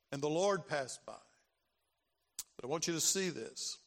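A man's voice: fairly high pitch, expressive, unhurried, vocal fry, pauses often, a bit bright. An older man preaching a sermon as pastor, dramatic and given to repeating his phrases. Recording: long reverb of a large hall.

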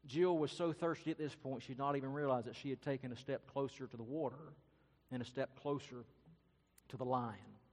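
A man's voice: medium pitch, fairly quick, in a large hall. A man preaching a sermon and telling a story earnestly and dramatically. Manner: earnest, dramatic, varies loudness and pace. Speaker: pastor.

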